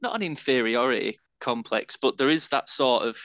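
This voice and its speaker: A man's voice: medium pitch, lively intonation, normal speed, fairly bright tone, no room sound. Self-deprecating rambling male podcast host. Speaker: podcast co-host and home brewer. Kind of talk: casual chat.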